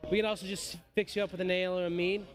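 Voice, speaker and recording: A man's voice: high voice, lightly acted. A man voicing a chatty, widowed human barmaid in a tabletop game, folksy and homely. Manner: homely, folksy, calls customers darling.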